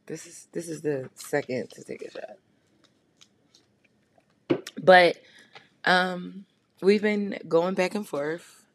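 Blunt, rambling woman with a low voice. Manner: rambling, jumps from topic to topic; blunt and heavily profane. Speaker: podcast host. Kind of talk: casual confessional monologue.

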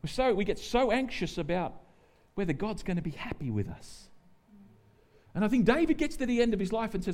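A middle-aged Australian man preaching as a guest pastor, animated and joking, acting out the prayers and quotes he tells. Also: sits high, fairly quick. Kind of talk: sermon.

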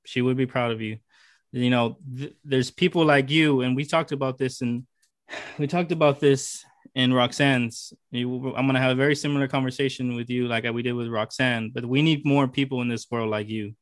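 A man's voice: mid-range voice, fairly even intonation, normal speed, dry recording, studio quality. A man co-hosting a podcast interview, talking in an emphatic, heartfelt way and repeating phrases for emphasis. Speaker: podcast co-host. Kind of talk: casual interview chat.

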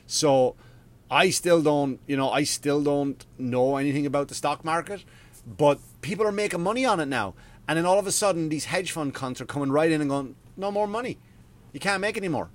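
A man, maybe, hosting a podcast in a profane, rambling, animated rant. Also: fairly high pitch, moderate pace. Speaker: podcast host. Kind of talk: casual ranting monologue.

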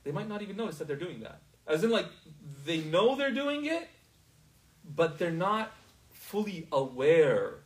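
Guy teaching a class, kinda high voice, keeps asking if they get it, sounds far from the mic. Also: sing-song, unhurried. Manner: asks the class often if they understand.

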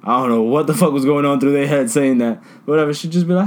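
A man's voice: medium pitch, fast. A young man bantering in a casual chat, teasing his friend and cracking crude jokes with bursts of laughter. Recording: faint background noise.

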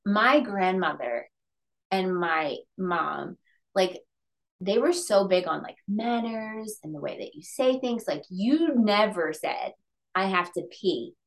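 A woman's voice: medium pitch, animated, takes it slowly. A woman co-hosting a podcast in casual chat, talking in a meandering way, full of fillers. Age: adult. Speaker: podcast co-host.

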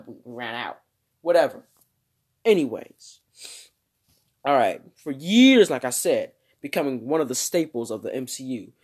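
A man's voice: medium pitch, breathy edge. A man vlogging about movie news in a casual, rambling way, breaking off into jokes and asides to himself.

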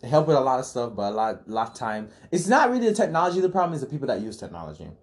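A man's voice: mid-range voice, very animated, rapid-fire, slightly rough. A young man chatting casually and bluntly, trading opinions and laughing easily. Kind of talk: casual chat.

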